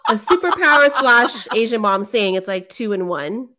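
A woman's voice: on the high side, very animated, moderate pace, crowd noise. A woman hosting a casual chat about motherhood, playful and laughing often as she tells family stories. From Filipino family. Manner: playful, laughs often, mimics her mom.

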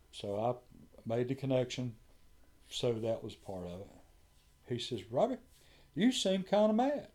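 A man's voice: on the low side, dark tone. A man, a firefighter telling a story in casual conversation and acting out what others said.

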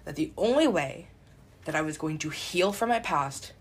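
A woman's voice: low-pitched, animated, normal speed, breathy edge. A young woman co-hosting a podcast in casual chat, tearful and laughing through her tears as she talks. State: crying at times. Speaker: podcast co-host.

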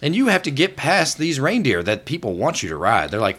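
A man runs a tabletop game as game master, telling a chaotic scene with casual swearing. His pitch jumps around a lot, and he keeps breaking into laughter. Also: expressive, a bit bright. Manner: laughs often, swears casually, slips into quick voices for passersby. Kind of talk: narrating a tabletop game, profane and comic.

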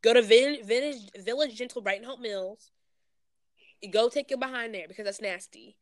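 A woman's voice: a little high, moderate pace, no room sound, clean studio sound. Blunt ranting young woman. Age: 20s. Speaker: podcast co-host. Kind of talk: casual podcast chat.

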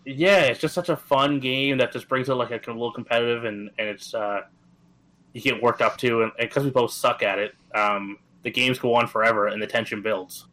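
A man's voice: medium pitch, fairly even intonation, normal speed, fairly bright tone, poor audio. A man in his thirties from Atlantic Canada, co-hosting a gaming podcast in easygoing casual chat. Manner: easygoing, many fillers and restarts. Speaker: podcast co-host.

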